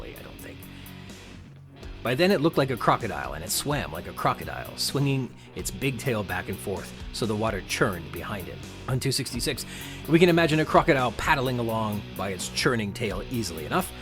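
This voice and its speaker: A man's voice: lowish voice, sing-song, fairly quick, music in the background. Podcast guy breaking down a novel, reads bits out then talks about them, bouncy intonation. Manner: reads passages aloud, then comments. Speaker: podcast host. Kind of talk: literary analysis of a novel.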